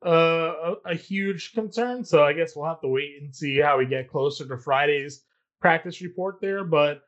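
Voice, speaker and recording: A man's voice: fairly high pitch, fairly bright tone, lo-fi sound. A man co-hosting a casual sports betting talk, reasoning through picks with many fillers. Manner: measured, filler-heavy reasoning. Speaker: sports betting podcast co-host.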